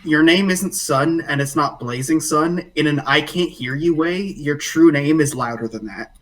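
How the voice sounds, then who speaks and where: A man narrates a tabletop game as game master, easygoing and full of little fillers. His voice sits a bit high for a man and sounds slightly away from the mic. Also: measured pace, far from the mic, rough recording. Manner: relaxed, filler-heavy narration.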